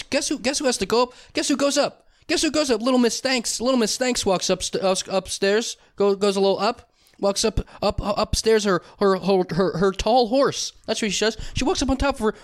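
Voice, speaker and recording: A young man hosting his own show alone, ranting in a rambling, profane way and mimicking people with a raised voice. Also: high voice. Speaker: podcast host. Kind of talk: solo comedic rant.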